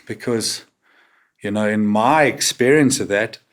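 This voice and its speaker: Fairly low and unhurried, this is the voice of a South African podcast guest in his fifties. On a talk show, he shares stories openly in a candid interview, often ending lines with "man" or "right?".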